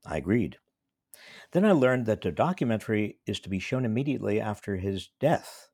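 A man's voice: lowish voice, sing-song, fairly quick, a little mellow, breathy edge, no room sound. A man in his seventies from small-town New York, a professor telling a wry, reflective personal story. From small-town New York State. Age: 70s. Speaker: professor and commentator. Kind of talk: storytelling monologue.

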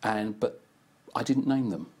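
A man who works in advertising and casts voice actors, chatting casually and telling lively anecdotes. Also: lowish voice, unhurried, slightly rough. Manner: anecdotal storyteller, animated delivery. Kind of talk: casual conversation.

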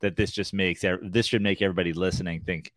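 A man's voice: low-pitched, steady tone, fast, fairly bright tone, dry recording. Rambling male comedian podcast host. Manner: rambling, lots of filler words. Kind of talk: casual chat.

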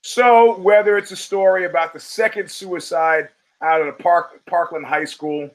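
Hosting a solo podcast, a man speaks in a wry, profane and digressive manner, landing emphatic punches. His voice sits high with fairly even intonation at a normal speed, and the recording is low quality.

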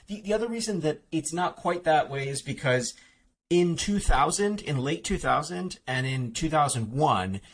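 A man's voice: fairly high pitch, slight background noise. A man talking as an author guest in a podcast interview, explaining at length with many restarts and filler words.

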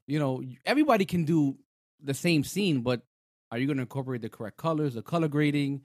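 A man co-hosting a casual show chat, talking in an animated, rambling way with lots of fillers. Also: on the high side, quick pace, no room sound, clean studio sound. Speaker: podcast co-host. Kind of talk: casual chat reviewing a TV episode.

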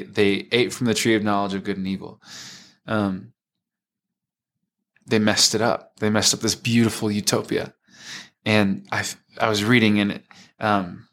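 A man in his twenties, a worship leader, giving a reflective, earnest personal testimony in a conversation, halting now and then with fillers. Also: on the low side, a bit bright. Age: 20s. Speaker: worship leader, podcast guest.

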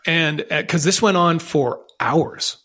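A man's voice: a little high, takes it slowly, a bit bright. A man telling his own story as a podcast guest, in an earnest, reflective way with frequent restarts. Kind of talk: candid conversational storytelling.

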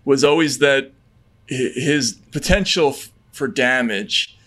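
A man's voice: medium pitch, takes it slowly, fairly bright tone. A man co-hosting a political talk podcast, speaking earnestly and worriedly, with frequent restarts and stammered repeats. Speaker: podcast co-host. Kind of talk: casual political chat.

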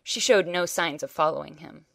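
Wry woman reader of literary fiction, low voice, close and dry. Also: normal speed, vocal fry, fairly bright tone, no room sound. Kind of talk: first-person short story reading.

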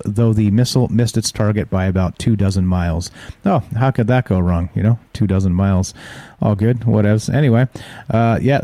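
A man's voice: on the low side, mellow, no room sound. A man hosting a casual live stream, reading news headlines aloud and adding offhand asides. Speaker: show host.

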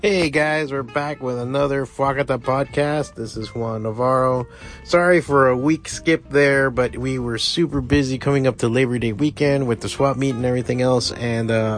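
A middle-aged man with a Miami accent hosting his own podcast from his studio, rambling and swearing casually. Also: mid-range voice. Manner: rambling, profane, self-deprecating. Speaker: podcast host and comic shop owner. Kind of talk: casual solo podcast talk.

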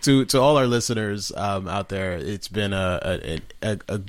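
A man wrapping up a podcast episode, hesitant and restarting often, with a wry, joking tone. His voice is low and steady. The recording is dry and close to the mic. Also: moderate pace, no room sound. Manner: hesitant, filler-heavy, wry. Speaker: podcast host. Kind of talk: casual podcast banter and sign-off.

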